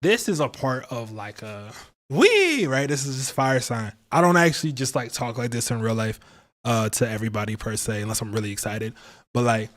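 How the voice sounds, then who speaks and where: A man's voice: medium pitch, a little fast. Male tarot streamer, mid-range voice, loose and slangy, jokes and laughs between points. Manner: playful, slangy, laughs often. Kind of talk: casual livestream tarot talk.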